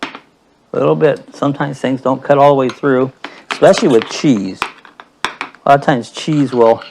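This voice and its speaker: A man's voice: mid-range voice, normal speed, vocal fry, darkish tone, a little hiss or hum. A man hosting a casual cooking demo, chatting to his viewers as he cuts and tastes. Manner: chatty, addresses viewers as guys. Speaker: cooking channel host.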